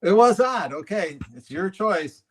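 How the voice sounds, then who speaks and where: A man's voice: high voice, animated, measured pace, fairly bright tone. A man co-hosting a podcast in casual chat, explaining things in an easygoing way. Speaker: podcast co-host.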